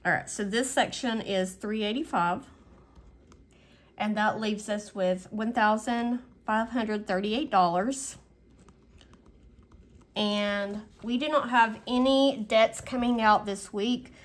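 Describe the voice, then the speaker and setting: A woman's voice: medium pitch, slow. A woman in a casual vlog, chatting through her weekly budget and thinking aloud with frequent fillers. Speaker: budgeting vlogger.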